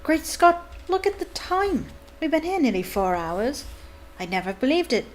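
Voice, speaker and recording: A vain celebrity wizard who prattles on about his own fame, put on by a woman reading the story. His voice sits high and bright, full of pompous self-satisfaction. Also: very animated, moderate pace, slight background noise, poor audio. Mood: self-important. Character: vain, chattering celebrity wizard teacher, adult man.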